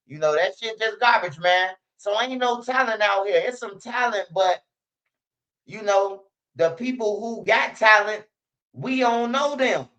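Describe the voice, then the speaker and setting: A man's voice: high-pitched, measured pace, pushed and bright, lo-fi sound. A man giving blunt, slangy commentary and mocking others with sing-song impressions. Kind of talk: ranting commentary.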